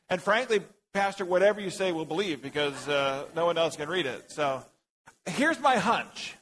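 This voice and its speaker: A man's voice: fairly high pitch, fairly bright tone, poor audio. A man teaching a Bible class in a casual way, joking, thinking aloud and calling on people in the group.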